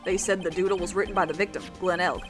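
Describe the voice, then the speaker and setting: A woman's voice: on the low side, fairly even intonation, fast talker, over music, close to an everyday voice. A woman voicing an eager male police detective, reading game dialogue aloud.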